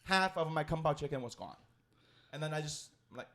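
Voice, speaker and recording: Speaking a little high and a little fast with a gravelly edge, this young comedian from China tells a story. His first language is Chinese, and his casual delivery is animated, profane, and full of restarts.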